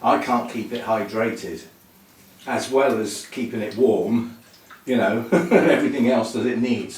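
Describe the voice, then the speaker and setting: A man's voice: lowish voice, a little mellow. A man, hosting a chatty orchid video, thinking aloud with little chuckles as he packs and repots plants. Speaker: orchid channel host. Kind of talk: casual chat while packing and repotting plants. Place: indoor room, working with plants. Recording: roomy, somewhat distant, faint noise.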